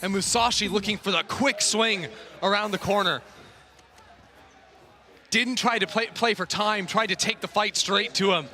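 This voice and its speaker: A man's voice: high voice, fairly even intonation, normal speed, pauses often, bright, forceful tone, soft background music. A man giving analytical color commentary on an esports match, explaining plays and checking in with "right?".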